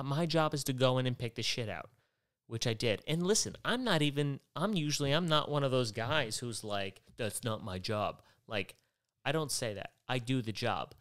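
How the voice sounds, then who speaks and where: A man's voice: mid-range voice, smooth. A man hosting a podcast, telling a rambling comic story as a profane, exasperated rant. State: worked up and tired by the end. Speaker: podcast host. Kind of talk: rambling comedic monologue.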